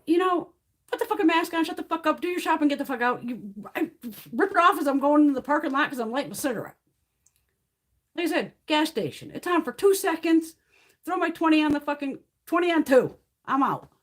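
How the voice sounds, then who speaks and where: Blunt, profane, animated woman. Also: high-pitched, a little fast. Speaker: beauty livestream host. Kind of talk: casual chat while reading live comments.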